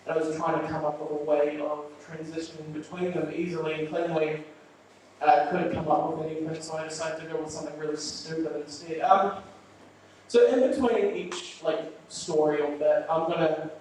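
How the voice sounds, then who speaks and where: A man performing a live stand-up set, rambling through his stories in a deadpan way with plenty of ums. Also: fairly high pitch, slight background noise. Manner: deadpan, rambling storytelling with filler words. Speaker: stand-up comedian. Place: small live venue with audience. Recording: rough, echoey room recording from a distance. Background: audience laughter.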